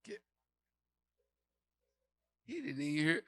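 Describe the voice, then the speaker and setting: Bright-voiced stand-up comedian, slow delivery. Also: male voice, lowish voice, dry recording. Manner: loud, animated storytelling with acted quotes. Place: live comedy venue with audience.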